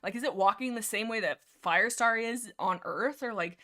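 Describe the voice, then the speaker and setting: A young woman hosting a livestream, chatting excitably about books with lots of fillers and restarts. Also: on the high side, moderate pace. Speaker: livestream host. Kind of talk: casual rambling book discussion.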